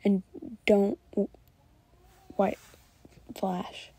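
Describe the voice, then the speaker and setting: A woman voicing a calm, firm young woman giving clear instructions in a storybook reading. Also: medium pitch, drawn-out words, no echo.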